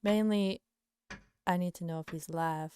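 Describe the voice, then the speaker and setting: Polite male private investigator voiced by a woman, lowered voice, slow, soft, Southern drawl. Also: steady tone, a little hiss or hum, lightly acted. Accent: put-on Southern US.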